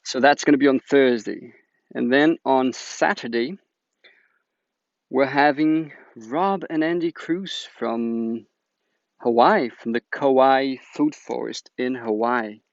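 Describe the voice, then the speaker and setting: A man who hosts an agroforestry channel and teaches the subject makes a chatty, enthusiastic announcement to his viewers. His mid-range voice moves at a slow pace, captured in a dull, dry, lo-fi recording.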